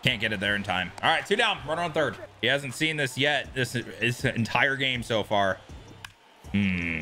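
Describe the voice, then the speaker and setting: Excitable young male game streamer. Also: mid-range voice, normal speed, faint music behind. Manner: excitable, yells at big plays, swears, talks to chat. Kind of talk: live gameplay commentary.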